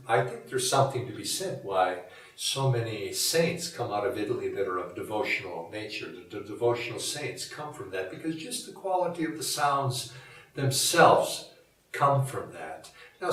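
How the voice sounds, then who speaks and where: A man giving a reflective spiritual talk in a measured, musing, conversational way. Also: medium pitch. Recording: echoey room from a distant mic.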